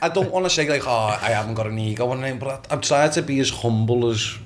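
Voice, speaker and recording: Young lad chatting on a podcast, mid pitched, acts out every quote. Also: male voice, quick pace, crowd noise. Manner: animated storytelling, acts out quotes, swears, repeats "you know what I mean". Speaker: guest boxer. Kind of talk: casual podcast chat.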